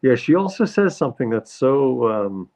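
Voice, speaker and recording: A man's voice: medium pitch, very animated, normal speed, darkish tone. A man hosting a livestream, chatting casually and rambling in an easygoing way, greeting viewers often. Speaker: livestream host.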